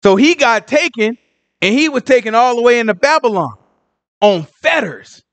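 Animated man with street slang. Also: extremely high pitch, fairly quick. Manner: street slang, repeats "you know what I'm saying"; animated and joking. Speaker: Bible teacher. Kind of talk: casual Bible study commentary.

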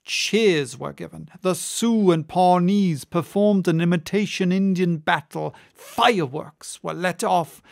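A male audiobook narrator with a gravelly, slightly high voice. He reads in a steady, measured way. The sound is close and dry with no room echo. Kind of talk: scripted narration.

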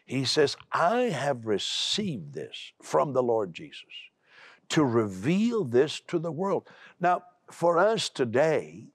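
A man's voice: mid-range voice, huge pitch swings, slow, husky, no echo, studio quality. A middle-aged man preaching a televised sermon, brusque and emphatic, repeating words as he builds up. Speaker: preacher and TV host.

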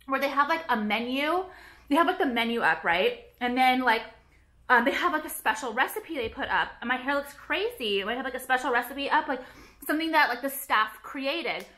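Her voice high-pitched, expressive, and sharp, a beauty vlogger rants to the camera from home. She talks fast and dramatically, swearing and saying "like" nonstop in this casual chat.

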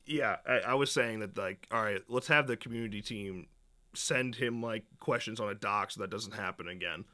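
A man's voice: on the low side, moderate pace, pushed and bright. A young man streaming live, giving rambling, opinionated commentary on a game update and stopping often to restart his sentences. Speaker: streamer reacting to a developer Q&A.

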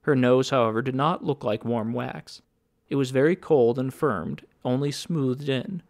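A man reading an audiobook in a steady, even scripted narration. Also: mid-range voice, measured pace.

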